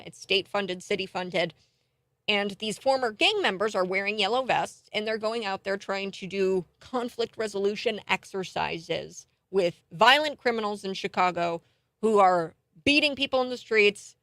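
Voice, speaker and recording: A woman hosting a morning talk radio show, getting indignant and animated as she rants and laughs in scorn. Her voice sits in a middle pitch. It is recorded close and dry on a studio mic. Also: no echo. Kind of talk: heated political talk radio monologue.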